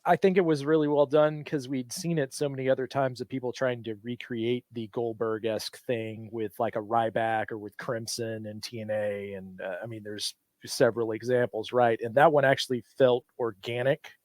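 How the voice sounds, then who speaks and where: A man with a mid-pitched voice offers opinions as a podcast guest, padding his points with hedging asides. His voice sounds dry and close to the mic. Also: fairly even intonation, normal speed, few pauses, a little mellow, no echo. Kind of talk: casual podcast chat.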